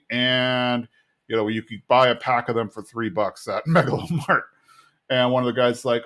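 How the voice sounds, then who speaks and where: A young man co-hosting a chatty podcast, retelling scenes and popping into characters' voices along the way. His voice sits in a middle pitch and moves with the story, and his talk is loose and casual. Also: brisk. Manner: animated retelling, acting out characters' lines in raised voices. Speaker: podcast co-host recapping episodes. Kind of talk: casual chat.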